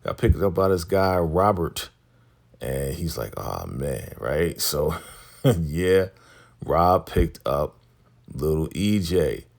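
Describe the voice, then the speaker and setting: Deep gravelly man recapping a TV episode. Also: slow pace. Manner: retells scenes conversationally, quoting characters loosely. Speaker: TV recap vlogger.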